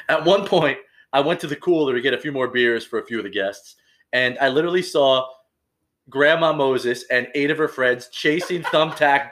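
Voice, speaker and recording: A man's voice: a little high, fairly bright tone. A man in his forties, a podcast co-host telling rambling, profane stories in casual chat. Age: 40s. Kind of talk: casual crude comedy chat.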